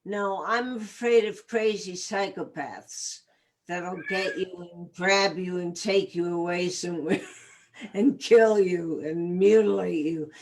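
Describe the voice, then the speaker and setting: A woman from the Bronx with a New York accent, chatting slowly and laughing easily as a guest actress on a live video chat. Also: on the low side. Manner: slow, relaxed, laughs easily.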